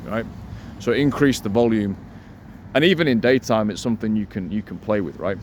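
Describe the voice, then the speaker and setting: A man coaching listeners on voice and delivery, energetic and emphatic, repeating his key points and slowing down to demonstrate. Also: slight background noise. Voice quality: resonant voice. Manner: deliberately slows and lowers voice to demonstrate. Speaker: dating coach. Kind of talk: instructional talk to camera.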